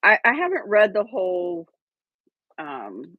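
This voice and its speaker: A woman's voice: mid-range voice, wildly swooping pitch, unhurried, no room sound, narrow, tinny audio. A woman hosting a livestream, chatting casually with viewers and a co-host, rambling with fillers and restarts.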